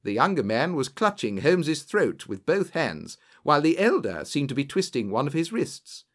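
A man's voice: on the high side, big pitch swings, normal speed, fairly bright tone. A man narrating a story aloud, telling it with varied character voices. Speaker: audiobook narrator. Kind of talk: scripted narration.

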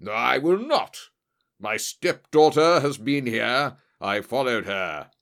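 A fierce old doctor snarls his threats in a gravelly growl, as a man reads him out. He talks slowly and heavily, each word pressed hard. The tone stays bright and hard. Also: mid-range voice, expressive. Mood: menacing. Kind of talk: audiobook character voice.

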